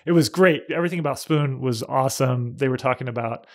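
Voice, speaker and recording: A man's voice: medium pitch, fast. A middle-aged man co-hosting a casual podcast, joking and teasing himself with frequent laughs. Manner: joking, self-mocking, laughs often. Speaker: podcast co-host. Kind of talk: casual chat.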